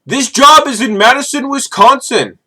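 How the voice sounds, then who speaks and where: A man's voice: very high voice, normal speed, bright, forceful tone, pitched above the performer's own voice, heavily acted. A man putting on the voice of a pushy, overly polite male phone recruiter.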